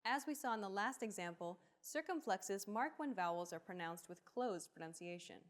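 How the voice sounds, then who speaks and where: A woman with a mid-range voice reads lesson explanations from a script. Her delivery is even and explanatory, and she walks through each point steadily. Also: medium pitch, normal speed. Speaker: lesson narrator.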